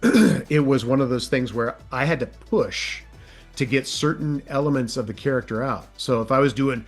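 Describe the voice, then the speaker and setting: A man who narrates audiobooks, chatting in an interview in a lively way, his voice jumping up when excited. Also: moderate pace, soft background music. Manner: animated, pitch jumps when excited. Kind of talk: casual interview chat.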